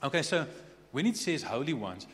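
A man's voice: mid-range voice, sing-song, moderate pace, fairly bright tone. A man preaching a sermon in a conversational way, often restarting words and checking in with the listeners. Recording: echoey hall with faint hum.

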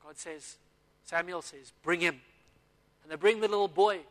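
Bright high-voiced preacher. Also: male voice, normal speed. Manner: storytelling with acted-out dialogue. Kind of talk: sermon. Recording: long hall reverb.

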